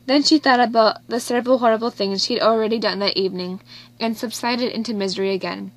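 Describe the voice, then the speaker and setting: Woman audiobook narrator, steady expressive reading, slightly high. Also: quick pace, no room sound. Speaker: audiobook reader. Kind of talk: scripted narration.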